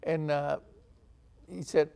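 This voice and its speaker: A man's voice: a little high, little pitch movement, takes it slowly, creaky, mellow, clear, resonant tone. An older man from Texas recounting his past in an oral history interview, acting out the dialogue he quotes. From San Antonio, Texas. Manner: storytelling, acts out quoted dialogue. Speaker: veteran interviewee.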